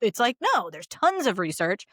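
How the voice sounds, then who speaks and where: An expressive woman therapist co-hosting a podcast, talking in a lively, chatty way and slipping into voices for the people in her stories. Her pitch sits in a middle range for a woman. The sound is dry and close, with little room echo. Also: moderate pace. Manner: animated, expressive storyteller who acts out quotes. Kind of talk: casual podcast chat.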